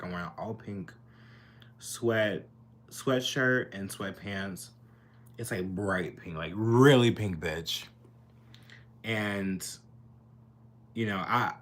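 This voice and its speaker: Young man, sassy rambling storyteller, slightly low voice, faint background hum. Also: fairly bright tone. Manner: chatty, rambling, sassy, lots of fillers. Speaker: vlogger. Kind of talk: casual storytime monologue. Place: his bedroom.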